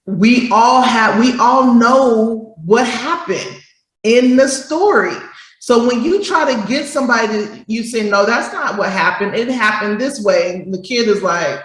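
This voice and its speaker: A woman co-hosting a casual talk show. She speaks at an unhurried, deliberate pace and reads passages aloud. Her voice carries a noticeable room echo. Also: mid-range voice. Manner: explains slowly, then acts out quoted voices. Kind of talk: casual chat, reading definitions aloud.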